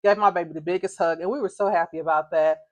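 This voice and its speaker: A woman's voice: fairly low pitch, steady tone, fast, a little mellow, dry recording. A middle-aged woman, a mother, casually telling a story with laughter, acting out quoted voices.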